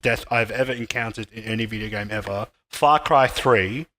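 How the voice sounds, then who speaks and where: A man co-hosting a gaming podcast, telling stories in a deadpan, mock-tragic way. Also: on the low side, moderate pace. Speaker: podcast co-host. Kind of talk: casual gaming podcast chat.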